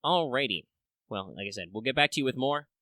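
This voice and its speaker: Talking fast in an animated, medium-pitched voice, this man hosts a casual podcast. His delivery is forceful and bright as he rambles and explains things to listeners, full of fillers and restarts. It's recorded close and dry, without echo.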